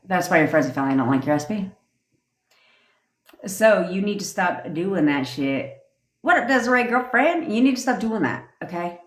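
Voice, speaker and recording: A woman with a somewhat low voice rants bluntly at her livestream audience, swearing freely as she lectures. The sound is roomy, with noticeable echo around her. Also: expressive, normal speed. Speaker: manifestation coach. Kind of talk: livestream rant.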